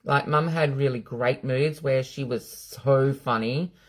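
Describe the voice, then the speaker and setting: Her voice rumbles low and her delivery is measured. She's a middle-aged Australian psychic medium running a live stream from home, swearing a lot and talking bluntly and casually as she replies to what viewers write.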